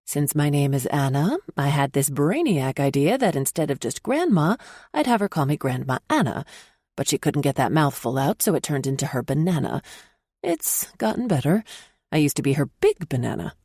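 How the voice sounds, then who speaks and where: A woman's voice: low voice, big pitch swings, normal speed, darkish tone, no echo, clean studio sound, exaggerated voice. A woman voicing a chatty grandmother in her late forties who jokes about herself. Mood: wry. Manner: wry, self-mocking.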